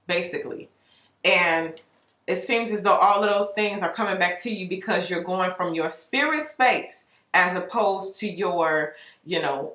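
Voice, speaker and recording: A woman's voice: medium pitch, fairly bright tone, roomy sound. A woman giving a casual tarot reading, chatting to viewers and acting out little examples as she explains. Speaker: tarot reader.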